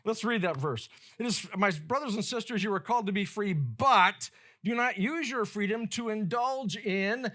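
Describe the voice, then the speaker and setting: A man preaching a sermon with a high, bright, forward voice. He keeps it conversational and emphatic, acting out quoted lines as he goes, like a pastor talking straight to his congregation. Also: animated, normal speed.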